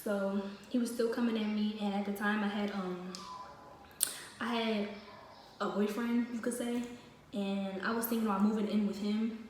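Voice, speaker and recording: A woman's voice: mid-range voice, fairly even intonation, moderate pace, darkish tone, far from the mic. A woman chats through a casual storytime vlog, packed with fillers as she goes. She sits well back from the mic in a very echoey room, with a faint hiss of noise underneath. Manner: chatty, with many fillers.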